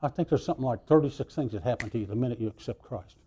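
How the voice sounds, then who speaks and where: A man preaching a sermon, telling the story with lively swings between loud bursts and soft asides. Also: medium pitch, racing, slight background noise.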